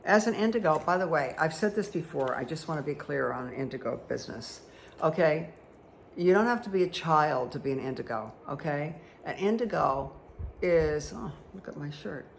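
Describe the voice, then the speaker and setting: Low-pitched and expressive, with vocal fry, a woman talks at a moderate pace while doing a card reading for her viewers. As a spiritual guide working with tarot and angel cards, she's chatty and meandering, frequently adding "okay?" There's a bit of background noise.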